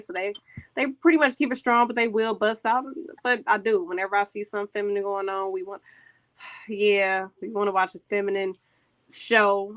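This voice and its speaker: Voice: medium pitch, fairly bright tone. A co-host on a live radio talk show, chatting casually and laughing while telling stories.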